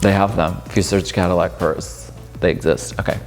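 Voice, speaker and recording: Chatty amused man, lowish voice. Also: fairly even intonation, moderate pace. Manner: chatty, amused, lots of filler "like". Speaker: drag performer reacting to old footage. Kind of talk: casual reaction commentary. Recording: long room reverb with faint music.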